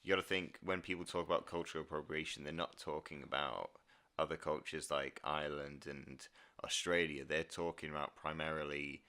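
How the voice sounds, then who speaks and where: A young Englishman with a strikingly low voice that still has a bright, forceful edge. He co-hosts a casual podcast and answers his partner with calm, steady counterpoints. He fills the pauses with short agreeing murmurs. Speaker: podcast co-host. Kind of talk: casual debate chat.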